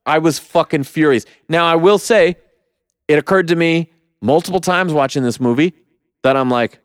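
A young man rants heatedly about a movie, swearing freely and slipping into mocking voices. His voice sits fairly high and sounds smooth and clear. The sound is dry, close and free of room echo. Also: moderate pace. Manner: profane, heated ranting with mocking quoted voices. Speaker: podcast co-host. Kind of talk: casual movie review rant.

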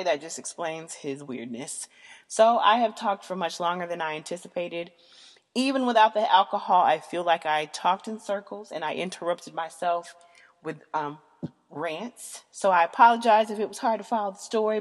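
A woman hosting a casual podcast episode, talking frankly and rambling, with lots of fillers and profanity. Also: fairly low pitch. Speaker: podcast host. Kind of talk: casual candid monologue. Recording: long hall reverb.

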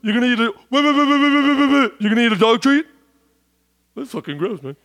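A man's voice: fairly high pitch, wildly swooping pitch, quick pace, a little mellow, voice pushed down, full character voice. A man imitating his brother as a scoffing guy who keeps repeating "wait" in disbelief. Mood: disgusted.

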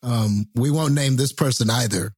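A man's voice: medium pitch, moderate pace, darkish tone, breathy edge, dry recording. A laid-back man telling a funny story in a casual podcast chat, hesitant and laughing as he goes. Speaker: podcast co-host.

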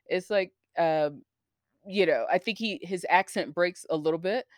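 A woman's voice: on the low side, unhurried, dry recording, clean studio sound. A woman co-hosting a podcast, telling stories in a chatty way with giggles. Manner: chatty storytelling, giggles, fillers. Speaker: podcast co-host. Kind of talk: casual chat.

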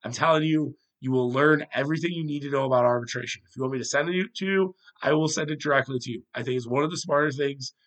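A young man with a slight cold hosting a casual solo sports podcast, rambling and poking fun at himself as he thinks out loud. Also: medium pitch, fast talker, hardly any pauses.

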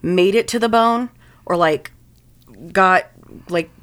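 A woman's voice: medium pitch, slow pace, fairly bright tone, clean tone. A woman co-hosting a casual podcast, reacting bluntly and swearing heavily. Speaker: podcast co-host. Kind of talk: casual chat.

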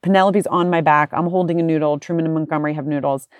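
A woman in her forties tells a story in a lowish voice, animated and chatty, slipping into other people's voices. The sound is close and dry, with no room around it. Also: quick pace, no room sound. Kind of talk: casual storytelling.

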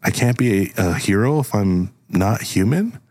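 A man's voice: lowish voice, lively intonation, normal speed, darkish tone, dry recording, studio quality. A man voicing a naive young Martian who wants to be a superhero, earnest and pleading.

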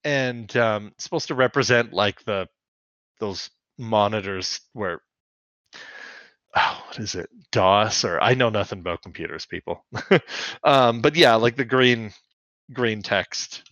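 A man's voice: on the low side, a little slow, a bit bright, no echo, lo-fi sound. A man co-hosting a podcast, recapping a cartoon in chatty casual talk full of fillers. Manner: chatty, filler-heavy, laughs often. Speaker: podcast co-host.

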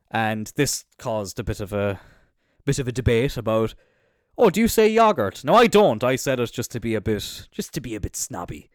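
A young Irish man with a Cork accent chats away on his own podcast, his pitch swinging up and down as he rambles from one thought to the next. He swears casually and often loses his train of thought, and his voice comes across dry and close. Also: no room sound. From Cork, Ireland. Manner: rambling and chatty, swears freely, trails off mid-thought. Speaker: podcast host. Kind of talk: casual solo podcast chat. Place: indoors, seated on a squeaky chair.

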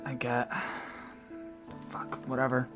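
Brief: male player, mid-pitched, slow and dry, snarky one-liners. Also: soft background music. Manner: terse, deadpan, snarky. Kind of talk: playing a tabletop game.

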